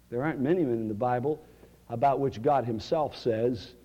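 A male preacher, delivering a sermon with dramatic swings from loud cries to near-whispers. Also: medium pitch, moderate pace.

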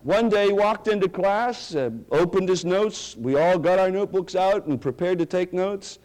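A man's voice: high voice, normal speed, darkish tone. A middle-aged man preaching a sermon, telling stories and building to emphatic declarations. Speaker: pastor.

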